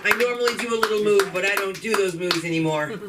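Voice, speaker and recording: A middle-aged woman hosting a live stand-up comedy open mic in a chatty, animated way, slipping into character voices. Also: medium pitch, fast. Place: comedy club stage. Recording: distant mic with noisy room.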